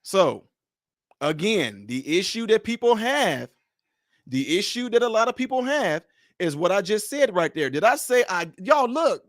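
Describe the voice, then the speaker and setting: A man's voice: sits high, big pitch swings, a little slow, a bit bright, no room sound, clean studio sound. A man hosting a casual livestream, talking straight to his viewers, repeating his points emphatically. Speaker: livestream host.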